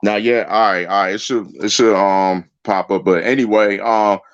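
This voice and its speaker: A man's voice: on the low side, steady tone, normal speed, no room sound. A man calling into a livestream, talking loosely with lots of slang and fillers. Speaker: guest caller. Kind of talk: casual call-in chat. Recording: dull, lo-fi dry sound.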